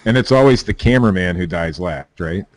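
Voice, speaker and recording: A man's voice: low voice, lively intonation, fairly quick. A man co-hosting a casual podcast, dropping dry, wry remarks. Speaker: podcast co-host. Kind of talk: casual uncensored chat.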